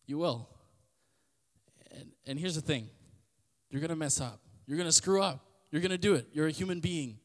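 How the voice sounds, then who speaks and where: A man preaching in a relaxed, conversational way, slipping into animated voices when he quotes others. His voice sits a little high for a man. A long reverb trails each phrase. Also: a little fast. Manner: conversational, acts out quotes with shifting pitch. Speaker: podcast host preaching. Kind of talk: casual sermon.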